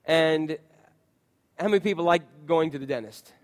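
A man's voice: fairly high pitch, normal speed, in a large hall. A male pastor in his thirties preaching a sermon in a church, conversational and anecdotal, acting out quotes as he tells stories. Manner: conversational, storytelling with voiced quotes.

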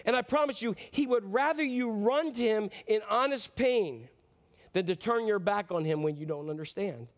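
A man with a notably high voice preaches an earnest, impassioned sermon. He speaks straight to his congregation and keeps putting questions to them as he goes. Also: animated, normal speed. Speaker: pastor.

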